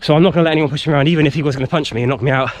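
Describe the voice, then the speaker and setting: A man whose voice leans high speaks rapid-fire in an outdoor vlog set in a wood. A little tired after running, he tells his story casually and rambles, scattering fillers throughout with animation.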